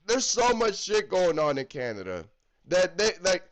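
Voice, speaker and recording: A man's voice: high-pitched, very animated, moderate pace, low-quality recording. A man from the United States giving a heated, profane hockey fan rant that is full of swearing and repetition. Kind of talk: profane ranting commentary.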